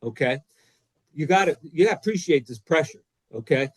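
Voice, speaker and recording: A man co-hosting a podcast, telling a story in an excitable, emphatic, self-deprecating way. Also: fairly high pitch, fairly quick, breathy edge, no echo. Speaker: co-host, former defensive coordinator. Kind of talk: animated storytelling; casual podcast chat.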